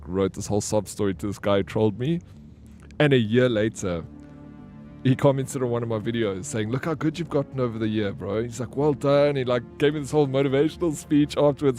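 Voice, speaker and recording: A livestreamer plays a video game and chats casually with viewers, reading out and answering chat messages while telling rambling stories packed with fillers and restarts. His voice is fairly low with a darkish tone.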